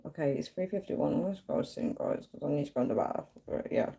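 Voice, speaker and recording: A young woman tells a personal story to her livestream viewers. Her voice sits low and mellow, and she talks in an easy, chatty way. She brings the story to life by acting out the voices of the people in it. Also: fast talker, creaky, husky. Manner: chatty, animated, acts out quoted voices. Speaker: live streamer.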